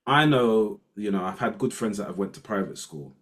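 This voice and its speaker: A middle-aged man with a London accent talks in a casual podcast conversation. His voice sits on the low side, and he tells stories with energy, slipping into short acted-out bits of other people's dialogue. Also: normal speed. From England. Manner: animated storyteller who acts out quoted snippets of dialogue. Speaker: guest educator.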